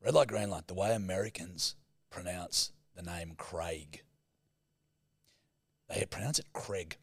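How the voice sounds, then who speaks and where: A man's voice: deep voice, a little slow, vocal fry, slightly rough, no room sound, studio quality. A man co-hosting a podcast, teasing and swearing in casual comedy banter. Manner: crude, teasing, animated. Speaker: podcast co-host.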